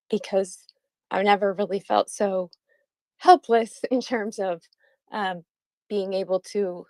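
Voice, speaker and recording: An American woman calling in to a live audio chat, speaking in an apologetic, halting way with sighs and pauses. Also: medium pitch, dry recording. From United States. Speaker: caller.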